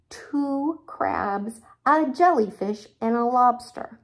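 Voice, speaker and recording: A woman reading a children's picture book aloud, talking to young listeners in a slow, animated way. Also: a little high. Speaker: storybook reader.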